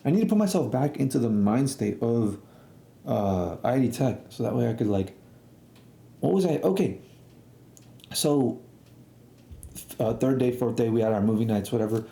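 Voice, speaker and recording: A young man telling a rambling, excitable storytime about summer camp, full of slang and fillers. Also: medium pitch, moderate pace, creaky, long pauses, reverberant. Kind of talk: casual storytime.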